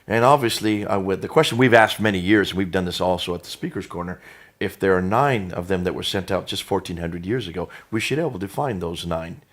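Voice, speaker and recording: A man's voice: low voice, brisk. An American man co-hosting a discussion, asking leading questions and methodically listing points with emphasis. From United States. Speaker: co-host. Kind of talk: apologetics discussion.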